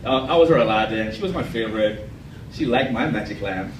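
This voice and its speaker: A man's voice: on the low side, animated, a little fast, noisy background. A man doing a stand-up comedy set in a club, crude and self-mocking in his jokes. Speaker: amateur stand-up comic. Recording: echoey club from far off. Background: audience laughter.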